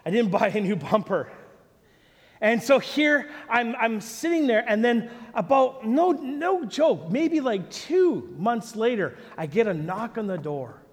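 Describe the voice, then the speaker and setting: Animated Kiwi pastor in an echoey hall. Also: male voice, very high voice, a little slow. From New Zealand. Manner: animated, self-mocking storyteller. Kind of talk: sermon with personal storytelling.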